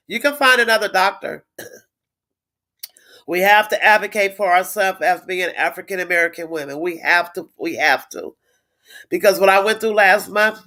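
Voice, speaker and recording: A woman's voice: on the low side, sharp tone. Middle-aged woman on a livestream, blunt and fired up, cussing and repeating herself, reads out viewer comments. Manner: blunt, indignant, swears freely. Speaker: livestream host. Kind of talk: casual live-stream chat.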